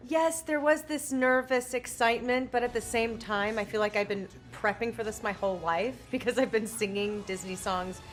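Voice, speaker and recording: A woman interviewed as a singer guest, earnest and excited. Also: a little high, moderate pace, hardly any pauses, soft background music. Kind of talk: interview answer.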